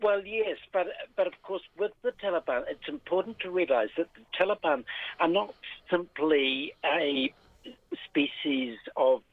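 An older man speaks as a guest on a radio show, his voice somewhat high and delivered in a measured, explanatory way. He comes down a tinny phone line with a dry sound, like an academic patched into a live programme. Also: expressive, no echo. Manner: measured, explanatory, with pauses and fillers. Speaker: professor emeritus, regular radio guest. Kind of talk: radio interview over the phone.

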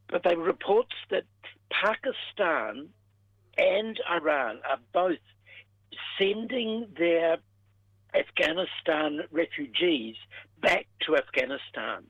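Older man, professor emeritus, measured explanations, somewhat high voice, tinny phone line, dry sound. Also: lively intonation, husky, no room sound. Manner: measured, explanatory, with pauses and fillers. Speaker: professor emeritus, regular radio guest. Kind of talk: radio interview over the phone.

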